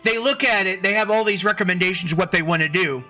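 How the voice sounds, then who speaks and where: A man with a fairly high, bright voice hosts a casual live stream from his home computer. He rambles, restarts sentences and greets viewers by name. Faint music plays behind him. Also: fast talker.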